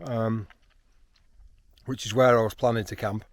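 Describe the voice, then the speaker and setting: A man, chatting excitedly outdoors on a hilltop, with frequent ums. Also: on the low side, unhurried, no room sound. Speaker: landscape photographer. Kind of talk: casual vlog narration while hiking.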